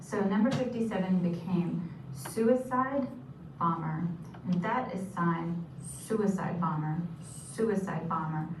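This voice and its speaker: In this instructional clip, a woman with a fairly low voice takes things slowly, patiently naming sign language vocabulary terms and repeating every one. The recording comes from a distance in a noisy room with echo.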